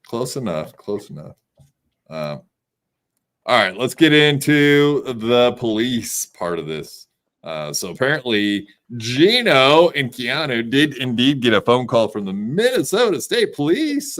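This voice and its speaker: A man's voice: on the low side, a bit bright. A man hosting a podcast, chatting casually with crude jokes and lots of fillers. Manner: crude joking, many fillers. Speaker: podcast host.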